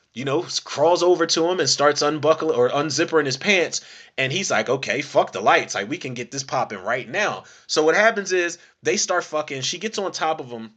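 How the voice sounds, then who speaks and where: A man hosting a horror film podcast, telling stories in a loose, profane, animated way and acting out characters' lines. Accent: Philadelphia. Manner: animated storytelling, acts out characters' lines with pitch jumps. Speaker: podcast host reviewing horror films. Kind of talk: casual profane monologue.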